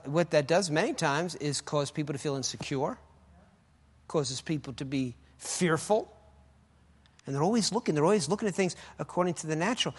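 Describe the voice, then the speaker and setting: Fervent male preacher, high voice, echoing sanctuary reverb. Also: slightly rough. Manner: fervent, swings between shouting and soft asides. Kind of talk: sermon. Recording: echoey hall with long reverb.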